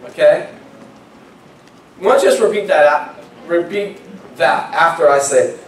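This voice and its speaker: This man's voice is on the high side and unhurried, with slight background noise. He's a pastor giving a conversational sermon in a church sanctuary, frequently repeating words at the start of phrases, captured from a distance in an echoey space.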